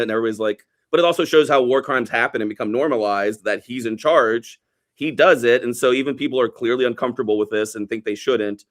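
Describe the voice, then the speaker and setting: A man's voice: medium pitch, quick pace. A man co-hosting a casual movie podcast, rambling and wry, swearing casually as he picks apart scenes. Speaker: podcast co-host. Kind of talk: casual movie review chat.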